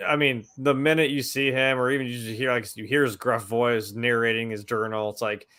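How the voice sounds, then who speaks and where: Casting note: excited male podcast co-host, loose and casual, mid-pitched. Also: fairly quick, clear, resonant tone. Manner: enthusiastic, swears casually, says "like" a lot. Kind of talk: casual chat.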